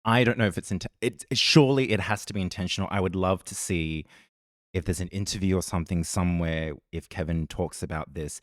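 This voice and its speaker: Deep-voiced Australian man, rambling and chatty. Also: brisk, no room sound, clean studio sound. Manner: rambling, chatty storyteller who laughs often. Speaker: podcast co-host. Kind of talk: casual music reaction chat.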